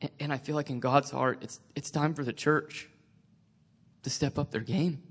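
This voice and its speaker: A man sharing a personal faith testimony, emotional and tearful, halting with many restarts. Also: on the high side, steady tone.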